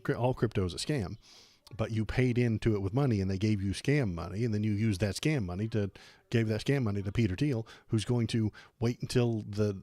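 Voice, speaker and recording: Man, livestream host, sarcastic rants, exasperated, low voice, dry close sound. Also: fairly quick, warm tone, no echo. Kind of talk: live political commentary.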